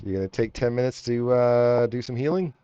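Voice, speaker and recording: A man running a tabletop game as game master, halting and relaxed, full of fillers. His voice is middle-pitched, and the recording is muffled, lo-fi and dry. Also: clear, resonant tone, no room sound. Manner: relaxed, hesitant with many fillers. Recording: dull dry lo-fi audio.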